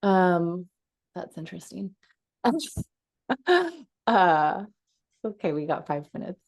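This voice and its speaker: Lowish-voiced woman coaching from home on a video call, chatty, lots of ums, laughs a lot. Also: slow, a little mellow. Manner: chatty, laughs easily, frequent fillers. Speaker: coach leading a community call. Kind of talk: casual teaching talk.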